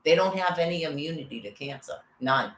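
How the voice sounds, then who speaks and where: A woman's voice: sits low, expressive, brisk, fairly bright tone. A woman vlogger telling a rambling, profane story about being harassed, in an agitated way. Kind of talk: rambling personal rant. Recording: roomy with faint background noise.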